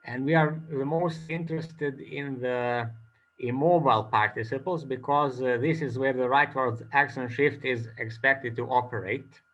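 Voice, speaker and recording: A man giving an academic conference talk as a presenter, speaking haltingly with many filler pauses. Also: medium pitch, fairly even intonation, a bit bright, lo-fi sound.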